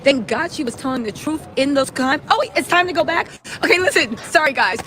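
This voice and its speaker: Chatty high-voiced woman streaming outdoors. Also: lively intonation, brisk, a bit bright, soft background music, rough recording. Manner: chatty, emphatic, many "right?" tags. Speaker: livestream host. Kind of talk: casual livestream commentary. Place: city street outdoors.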